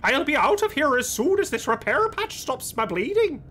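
A man's voice: extremely high pitch, big pitch swings, normal speed, bright, forceful tone, soft background music, voice pushed up, heavily acted. A man voicing a blunt, weary woman survivor in a game, with an exaggerated put-on Irish brogue.

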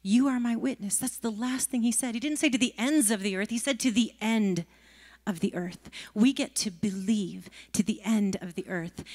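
A woman's voice: mid-range voice, a little mellow. An older woman preaching an impassioned sermon in a church, repeating her lines and sometimes dropping to a whisper. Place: church sanctuary.

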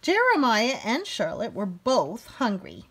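A woman reads a children's picture book aloud. Her voice sits high and swings widely in pitch as she brings the characters to life with raised voices. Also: huge pitch swings, a little slow, a bit bright, husky. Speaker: storybook reader.

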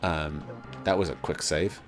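A man's voice: a bass voice, steady tone, measured pace, soft background music. A man hosting a casual let's play, rambling with lots of fillers and swearing. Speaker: gaming channel host.

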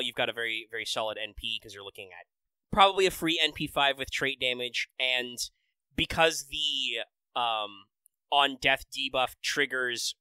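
A man's voice: mid-range voice, bright, forceful tone, clean tone, no echo, poor audio. A man hosting a casual podcast, enthusiastically breaking down game details with many fillers. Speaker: podcast host. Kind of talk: casual podcast chat about a mobile game.

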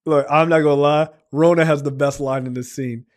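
Male podcast co-host, 40s, slightly high voice, rambling and profane, casual review chat. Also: steady tone, brisk. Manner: loose and profane, with many fillers and acted-out quotes.

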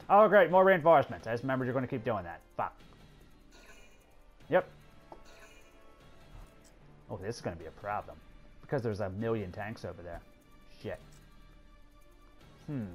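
A man commenting on his own strategy game play, exasperated and swearing, talking to the characters on screen. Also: mid-range voice. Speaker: gameplay commentator.

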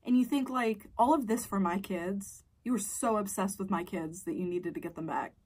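A woman's voice: medium pitch, normal speed, a little mellow, slightly rough, recorded from a distance. Woman vlogger, young adult, blunt storyteller who swears and whispers asides, slightly off-mic. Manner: candid, swearing, drops into whispers. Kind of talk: casual storytime chat.

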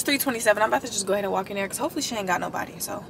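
Speaking in a racing mid-range voice with vocal fry and hardly any pauses, a young woman vlogs to her handheld or propped phone camera. She runs errands in a car and around a mall, chatty yet sleepy, calling viewers y'all, with a little hiss or hum in the audio.

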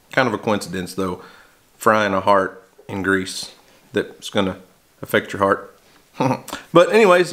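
A man's voice: medium pitch, pushed and bright. A middle-aged man with an easygoing Oklahoman drawl talks casually at his family's dinner table. His voice sits in an ordinary middle register. A camera-top shotgun mic catches him in a plain indoor room. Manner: easygoing, folksy, chuckles at his own jokes. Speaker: homesteading vlog host. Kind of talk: casual family vlog chat. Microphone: camera-mounted shotgun mic.

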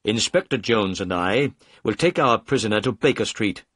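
A man voicing a calm, commanding male detective who speaks firmly in a storybook reading. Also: lowish voice, moderate pace, husky, no echo, clean studio sound. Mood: brisk.

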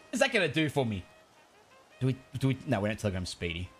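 A man's voice: medium pitch, wildly swooping pitch, brisk, soft background music. A man streaming a game, chatting casually, swearing often and laughing a lot. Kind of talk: casual gaming stream chat.

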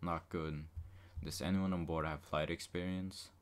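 A businesslike air traffic controller, read out by a man in a very low, level drone. Every line lands the same. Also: measured pace. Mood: deadpan. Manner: flat monotone reading.

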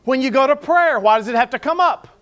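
A man's voice: very high-pitched, animated, quick pace, fairly bright tone. A man preaching a sermon as pastor, mixing scripture reading with humor. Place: church.

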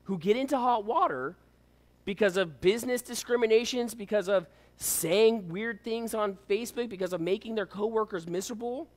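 A man's voice: high voice, normal speed. A man preaching a sermon as a pastor, pressing his listeners with rhetorical questions.

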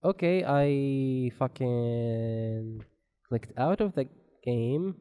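A man's voice: mid-range voice, takes it slowly, dark tone, clean tone. A man giving rambling, joking commentary while playing a horror game, swearing often. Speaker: gameplay commentator.

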